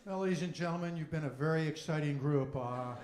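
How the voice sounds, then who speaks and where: A man performing a stand-up comedy set on a club stage, delivering rapid jokes and long deadpan lists. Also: fairly high pitch, echoey room.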